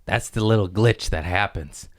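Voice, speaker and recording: Rowdy low-voiced man ranting on a podcast. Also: moderate pace. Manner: loud, rambling, laughs at his own jokes. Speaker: podcast host. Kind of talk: casual profane podcast rant. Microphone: studio podcast mic.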